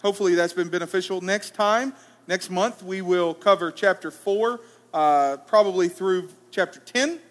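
Preacher, male, high pitch; reads plainly, comments conversationally; reverberant sanctuary. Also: moderate pace. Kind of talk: scripture reading and sermon. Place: church hall. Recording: reverberant church hall.

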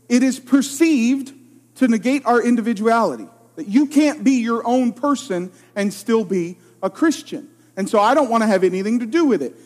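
A man in his late twenties preaching a sermon, telling a personal story with emphatic, self-deprecating delivery. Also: very high-pitched. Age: 20s. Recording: long hall reverb.

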